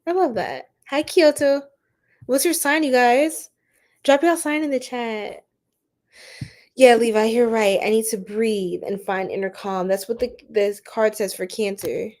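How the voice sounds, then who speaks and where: A woman reading tarot on a live stream and chatting with her viewers as she goes. Her voice sits a little high, and her talk is loose and animated, with "like" dropped in all the time. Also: unhurried. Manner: chatty and animated, says "like" often, reads chat aloud.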